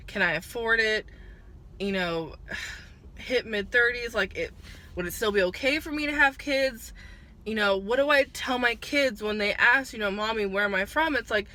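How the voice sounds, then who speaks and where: Emotional, halting young woman vlogger. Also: medium pitch, sharp tone. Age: 20s. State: holding back tears. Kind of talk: emotional personal vlog. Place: at work, on a break.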